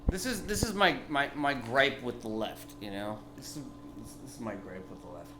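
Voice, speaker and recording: A tipsy man delivering a rambling, profane vlog rant that bursts into yelling. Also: medium pitch, expressive, normal speed, background noise. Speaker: vlogger. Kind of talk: ranting vlog monologue.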